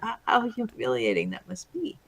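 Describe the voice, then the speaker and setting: A woman's voice: mid-range voice, wildly swooping pitch, moderate pace. A woman co-hosting a casual political chat, talking in a sympathetic, conversational way. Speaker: podcast co-host.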